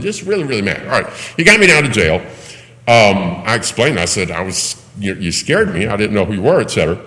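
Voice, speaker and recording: A man preaching, telling a personal story with lively acted-out voices and occasional laughter. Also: mid-range voice, a little fast, gravelly. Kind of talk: sermon storytelling. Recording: long hall reverb.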